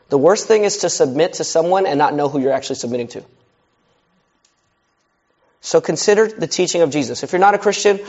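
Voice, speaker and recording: A man's voice: fairly high pitch, darkish tone, highs cut off. A male pastor preaching a sermon in a direct, conversational way, often putting questions to his listeners.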